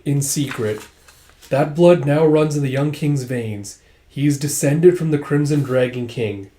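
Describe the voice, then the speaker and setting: A man's voice: on the high side, a little slow, warm tone, natural voice. A man reading the lines of a knowing, ageless young dragon warrior from a manga, in an echoey room. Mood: earnest. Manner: read plainly from a manga page.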